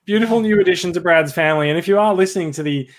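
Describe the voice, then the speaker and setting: A man's voice: sits high, racing, slight background noise. A man with an Australian accent hosting a casual podcast, chatty and self-deprecating with a jokey manner. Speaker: podcast host. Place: Sydney.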